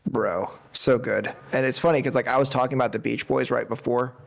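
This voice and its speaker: A man's voice: mid-range voice, fairly even intonation, fairly quick, creaky. A man chatting casually in a music review, enthusiastic and rambling with lots of fillers. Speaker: podcast panelist.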